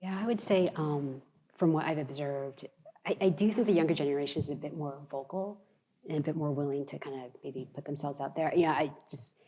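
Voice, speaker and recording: A woman's voice: low-pitched, a little fast, dark tone. A woman in her forties, an alumni panelist, recounting what she has observed in a thoughtful, hesitant way with many fillers. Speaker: alumni panelist, immigration attorney. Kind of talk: casual panel talk.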